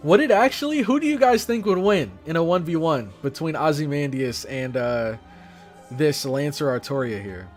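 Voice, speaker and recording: A man hosting a game reaction stream talks in an excitable, joking way. His voice sits on the higher side for a man. Faint music runs underneath. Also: normal speed. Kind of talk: casual reaction commentary.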